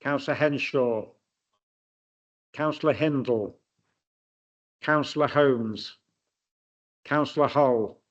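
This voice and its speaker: A man calling a roll call of names at a council meeting, reading them in a flat, list-like way. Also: medium pitch, slow pace, pauses often. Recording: dull, lo-fi chamber audio.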